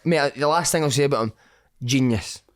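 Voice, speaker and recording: A middle-aged man, a former footballer, telling a story as a guest on a casual podcast. He swears freely and tells it with lively energy. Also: mid-range voice, brisk. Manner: swears often, animated storytelling.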